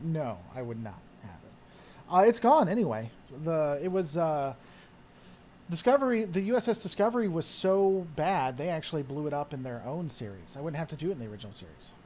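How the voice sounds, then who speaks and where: A slightly mellow, higher-pitched male host fields viewer questions in a casual conversation. He wanders, leaning on fillers and letting his thoughts trail away, and some slight background noise can be heard.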